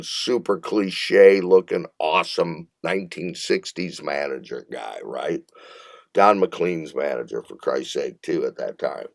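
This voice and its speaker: A man from Minneapolis, a guest musician on a casual interview, telling an animated, rambling story with cursing and laughter. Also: sits low, gravelly, dry recording, clean studio sound.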